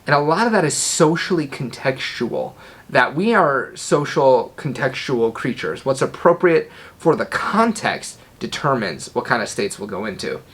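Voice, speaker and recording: A man's voice: medium pitch, big pitch swings, unhurried, a bit bright, breathy edge. A man teaching a class on persuasion. He demonstrates vocal tones, letting his voice drop on each command. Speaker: NLP trainer. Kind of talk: instructional talk to camera.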